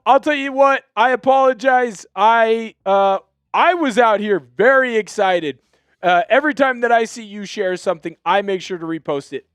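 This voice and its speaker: A young man hosting a live sports show, hyped and energetic, shouting out viewers by name. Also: fairly high pitch, smooth, dry recording. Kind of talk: live-stream sports chat.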